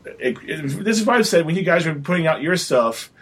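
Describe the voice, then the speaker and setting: A man on a podcast pitching a horror game scenario in casual, rambling chat with frequent restarts. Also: animated, a little fast, slightly rough. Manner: rambling, many restarts, chatty.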